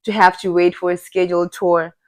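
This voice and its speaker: Animated young woman from Zimbabwe. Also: fairly low pitch, fairly quick. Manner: animated, emphatic, laughs often. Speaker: podcast co-host. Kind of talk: casual chat.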